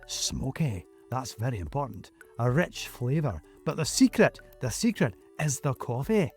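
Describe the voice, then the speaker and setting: A man's voice: mid-range voice, sing-song, unhurried, husky, faint music behind, exaggerated voice. A man voicing an eager, talkative man who is passionate about home cooking and speaks emphatically. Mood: emphatic. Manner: insistent, emphatic.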